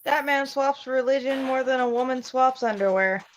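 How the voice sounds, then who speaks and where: A woman's voice: high voice, normal speed, slight background noise. Woman with a Southern drawl. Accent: Southern American. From Deep South, United States. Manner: dry, joking banter. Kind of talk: casual group chat.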